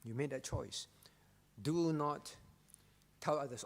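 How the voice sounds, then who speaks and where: Male pastor, high-pitched, emphatic sermon delivery with repeated phrases, long church-hall reverb. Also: slow pace, vocal fry. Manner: emphatic, repeats key phrases, frequent rhetorical "all right?".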